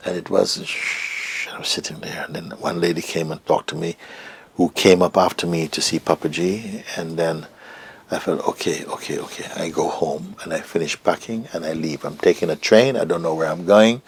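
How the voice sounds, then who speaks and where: Here the same kind of guest, a middle-aged spiritual teacher, tells a personal story at normal speed. His voice sits low and comes across as animated, creaky, and slightly rough, while his manner stays reflective and hesitant, occasionally sinking to a whisper.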